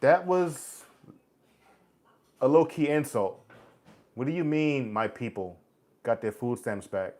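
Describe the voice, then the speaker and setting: A man's voice: medium pitch, takes it slowly, pauses often, darkish tone. Forties male livestream host, blunt and preachy, casual street talk. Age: 40s. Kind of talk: casual live chat reading comments.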